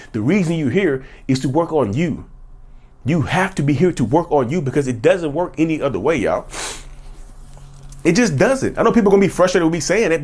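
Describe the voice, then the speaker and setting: Slightly high and darkish in tone, the voice belongs to a man in his thirties running his own vlog. In this personal monologue he talks with earnest emphasis, repeating phrases to underline them.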